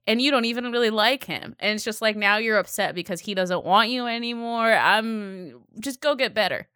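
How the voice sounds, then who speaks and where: A woman's voice: fairly high pitch, normal speed, bright, forceful tone, clean tone, no echo, clean studio sound. A woman co-hosting a podcast in casual chat, telling stories sarcastically and acting out quotes. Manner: storytelling, sarcastic, acts out quotes. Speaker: podcast co-host.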